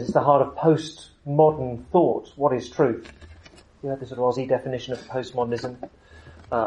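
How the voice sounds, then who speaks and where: A man's voice: mid-range voice, darkish tone, a little hiss or hum, low-quality recording. A middle-aged man from the United Kingdom preaching a sermon in a conversational, rambling way with many fillers.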